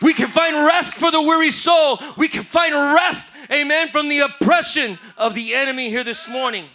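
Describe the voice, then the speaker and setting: Middle-aged Southern Californian male pastor, sharp high voice, preaching with rising shouted emphasis. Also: normal speed, a little hiss or hum. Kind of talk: sermon. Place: church sanctuary.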